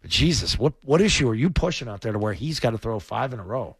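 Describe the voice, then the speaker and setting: A man co-hosting sports radio talk as a former quarterback, blunt and animated, swearing casually. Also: medium pitch, fast, husky, no room sound.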